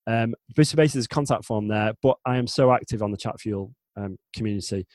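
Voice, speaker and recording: With a lowish, slightly mellow voice and a fast pace, a Northern English chatbot developer in his forties rambles chattily as an interview guest. He restarts and corrects himself often. The recording is dry.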